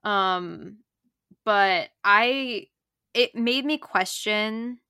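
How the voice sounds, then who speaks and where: A young woman co-hosting a podcast, chatting casually and gushing excitedly about books, swearing freely. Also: mid-range voice, extremely slow, clean tone, no room sound, studio quality. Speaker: podcast co-host.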